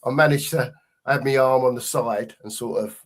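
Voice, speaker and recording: Chatty bloke co-hosting. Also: male voice, medium pitch, normal speed. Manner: matey, rambling, full of fillers. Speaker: podcast co-host. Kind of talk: casual chat.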